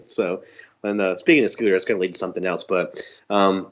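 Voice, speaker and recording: A man from the Southern US co-hosting a podcast, telling stories excitedly and laughing often. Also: low-pitched, brisk, muffled recording, a little hiss or hum. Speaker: podcast co-host. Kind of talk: casual chat.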